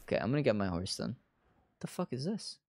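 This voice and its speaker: A man's voice: mid-range voice, sing-song, fairly quick, creaky, a little mellow, no room sound. A male streamer casually commenting on his game to viewers, swearing freely. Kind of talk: gaming livestream commentary.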